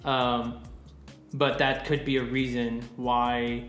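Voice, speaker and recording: A man's voice: medium pitch, flat delivery, slow, a bit bright. A man in his twenties co-hosting a podcast in casual chat, rambling with lots of swearing and fillers. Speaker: podcast co-host. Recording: roomy, faint music.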